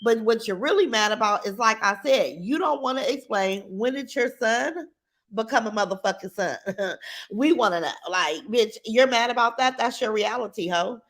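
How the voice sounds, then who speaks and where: Middle-aged woman livestream host, somewhat high voice, blunt and cussing, reads chat. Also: expressive, moderate pace. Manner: blunt, profane, defiant. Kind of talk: livestream chat, reading viewer comments.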